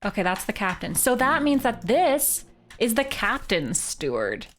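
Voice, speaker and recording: Amid slight background noise, a woman from Canada plays a game on stream and bantered with her audience in a lively, joking way. She speaks at a measured pace in a fairly high voice.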